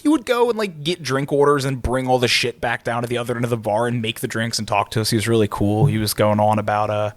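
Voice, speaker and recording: A man co-hosting a podcast, swapping travel stories in easy, casual talk. He gets lively and laughs as he acts out what people said. His voice sits at a middle pitch, and the sound is close and dry. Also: fast talker, hardly any pauses, no echo. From Pennsylvania, United States. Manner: animated, laughs while telling stories, acts out quotes. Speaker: podcast co-host. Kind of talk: casual storytelling chat.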